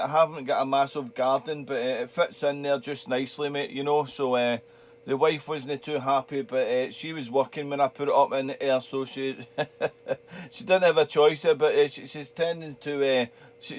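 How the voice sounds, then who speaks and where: Chatty Scottish man on ham radio. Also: mid-range voice. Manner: relaxed, chatty, laughs easily, rambling. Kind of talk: casual radio chat. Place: radio shack at home.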